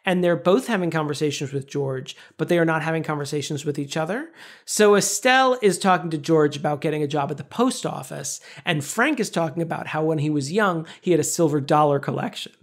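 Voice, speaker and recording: Podcast co-host, animated storyteller, acts out quoted lines, casual chat. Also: medium pitch, a little fast. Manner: casual swearing.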